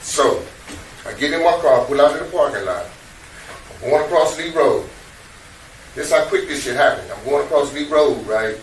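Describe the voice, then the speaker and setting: A man's voice: on the high side, animated, moderate pace, pauses often, a little hiss or hum. Profane, rambling man, echoey distant room. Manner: profane, streetwise, repeats himself. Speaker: interviewee recounting events to detectives. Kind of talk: emotional casual retelling.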